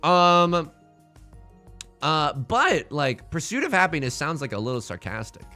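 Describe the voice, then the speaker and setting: A man's voice: on the high side, measured pace, soft background music. A man streaming a game live, commenting casually with jokes and rambling asides. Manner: joking, animated, rambling asides.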